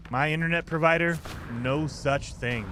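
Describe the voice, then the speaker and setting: A man's voice: fairly high pitch, normal speed, a bit bright, slight background noise. A man streaming a game, chatting casually and rambling through a rant while reading his chat. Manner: rambling, ranting, reads chat aloud.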